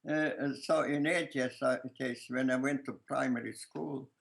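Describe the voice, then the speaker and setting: An older man with a strong Lithuanian accent, a filmmaker answering interview questions in a halting way, searching for words and often restarting, with soft laughs. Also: mid-range voice, steady tone, vocal fry, low-quality recording. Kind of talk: casual conversation.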